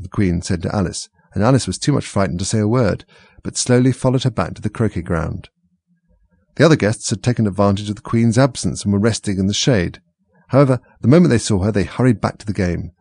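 Low, gravelly male storyteller. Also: dark tone, no echo. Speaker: audiobook narrator. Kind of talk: storybook narration.

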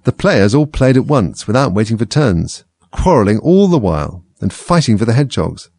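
Gravelly low-voiced male storyteller. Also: normal speed, dry recording. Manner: expressive, lively storytelling. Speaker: narrator. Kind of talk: storybook reading.

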